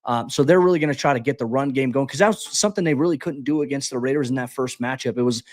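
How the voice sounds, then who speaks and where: A man co-hosting a sports podcast, breaking down an upcoming football game in an animated way, full of restarts and quick asides. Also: medium pitch. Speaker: beat reporter and podcast co-host. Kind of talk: sports podcast preview talk.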